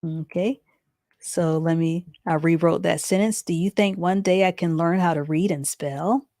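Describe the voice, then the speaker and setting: A woman teaching a live online reading class, patiently repeating each explanation step by step and reading sentences out slowly. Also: lowish voice, steady tone, dark tone, dry recording, studio quality. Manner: reads sentences out slowly and deliberately.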